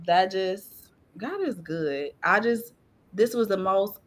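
Woman, podcast guest, faith testimony, emotional, animated, colloquial, laughing through tears, video call, mid-pitched voice. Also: slow pace.

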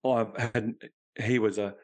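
A man's voice: on the low side, fairly even intonation, unhurried. Blunt man telling stories. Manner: blunt, swearing, storytelling. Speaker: high performance coach. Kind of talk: casual podcast interview.

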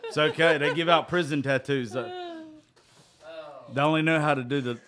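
A man's voice: a little high, sing-song, moderate pace, a crowd in the background. A tipsy man co-hosting a podcast, cracking irreverent jokes in casual banter. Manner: joking, irreverent. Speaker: podcast co-host.

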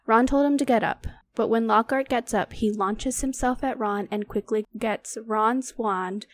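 A woman's voice: fairly high pitch, unhurried. A woman co-hosting a casual book podcast, reading a novel aloud with small slips and asides.

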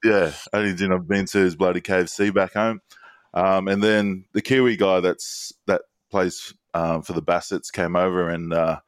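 A man's voice: low-pitched, flat delivery, moderate pace, no echo. A man, co-hosting a podcast and telling stories in a laid-back way with plenty of ums and laughter. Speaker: podcast co-host. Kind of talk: casual banter.

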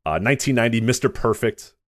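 A man's voice: mid-range voice, lively intonation, dry recording, clean studio sound. A man co-hosting a podcast, rattling off wrestling history in casual chat, laughing and swearing often. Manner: rapid, laughing, profane rundown of wrestling history. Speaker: podcast co-host.

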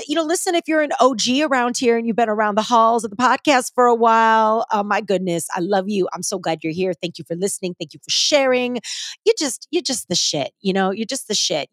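A woman's voice: medium pitch, no echo, studio quality. Upbeat slangy woman podcast host. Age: 40s. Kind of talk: casual solo podcast monologue.

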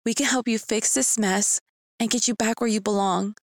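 A woman's voice: on the high side, fairly even intonation, moderate pace, slight background noise, lightly acted. A woman voicing an earnest young man who urges a friend to come home. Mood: urging. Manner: earnest, urging.

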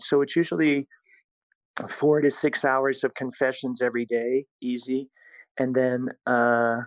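A middle-aged priest telling a funny story in conversation, animated and laughing often. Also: male voice, mid-range voice, no echo. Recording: dull, dry lo-fi sound.

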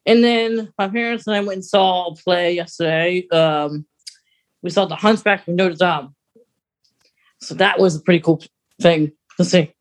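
A man's voice: sits high, steady tone. Chatty young man rambling along. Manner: rambling, chatty, quick laughs. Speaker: podcast co-host. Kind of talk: casual chat.

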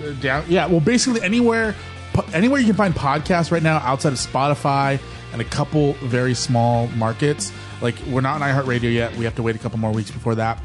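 A man in an easygoing podcast chat, his voice sitting at an ordinary middle pitch. He jokes around and wanders through long stories. Faint music plays quietly underneath. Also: quick pace. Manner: joking, rambling storyteller. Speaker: podcast co-host. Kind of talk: casual chat.

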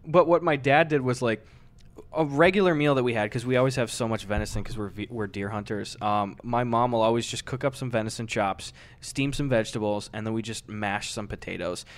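A man's voice: medium pitch, brisk. A young man co-hosting a casual podcast chat, joking and swearing and laughing often. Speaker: podcast co-host.

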